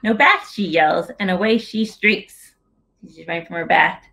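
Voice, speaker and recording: A woman's voice: on the low side, unhurried, vocal fry, a bit bright. Playful woman reading to children. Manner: playful, sing-song, talks to young children. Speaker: children's book author reading aloud. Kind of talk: story hour read-aloud for children. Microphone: video call.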